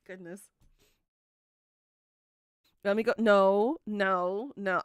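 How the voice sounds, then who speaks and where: A woman's voice: medium pitch, slow pace, pauses often, no room sound, clean studio sound. A woman in her thirties hosting a livestream, chatting casually and teasing her viewers as she answers them. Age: 30s. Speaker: livestream host. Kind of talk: casual chat with live viewers.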